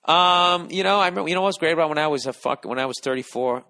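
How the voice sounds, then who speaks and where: A man's voice: a little high, rapid-fire, gravelly, sharp tone. A man in his forties hosting a solo podcast from home, rambling and ranting in a profane, sardonic way. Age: 40s. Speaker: podcast host. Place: lying down at home.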